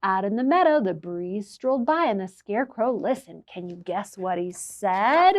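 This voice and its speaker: Speaking at a medium pitch and moderate pace with hardly any pauses, this woman is a children's librarian sharing a picture book aloud. She's an expressive storyteller who keeps putting questions to her audience.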